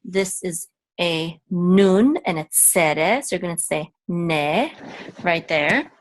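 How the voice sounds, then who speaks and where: A woman teaching a Hebrew reading lesson step by step, patient and halting, with frequent ums and self-corrections. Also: on the low side.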